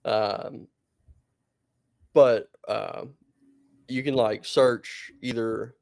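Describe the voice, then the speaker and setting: A male podcast co-host with a gravelly voice tells a story in a loose, meandering way. He breaks into laughter often. His voice sits close and dry. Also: medium pitch, steady tone, very slow, darkish tone, no echo. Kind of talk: casual podcast chat.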